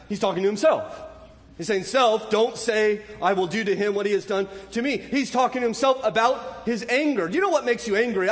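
A man preaching a sermon as pastor, earnest and animated, asking rhetorical questions of his listeners. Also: sits high, big-room sound.

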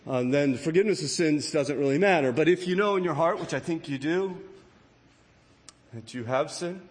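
A pastor giving an Easter sermon, swinging from hushed, low passages to loud, slow, emphatic declarations. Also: male voice, big-room sound. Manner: dynamic preaching, swinging from hushed to loud and drawn-out.

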